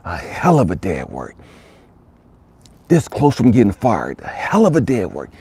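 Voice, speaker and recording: A man's voice: lowish voice, wildly swooping pitch, moderate pace, darkish tone, breathy edge. A man telling a motivational story, emphatic and fond of repeating phrases for effect. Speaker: motivational speaker.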